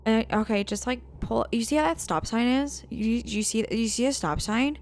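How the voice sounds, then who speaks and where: A woman co-hosting a game let's play, telling a profane, animated anecdote in a casual chat style. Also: a little high, moderate pace, slight background noise. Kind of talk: casual storytelling while gaming.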